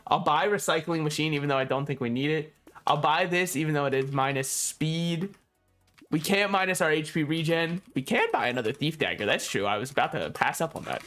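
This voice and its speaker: A man's voice: fairly high pitch, animated, fairly quick, fairly bright tone, soft background music. Rambling, joking young man streaming a game. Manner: rambling, joking, laughs often. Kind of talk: casual gameplay commentary.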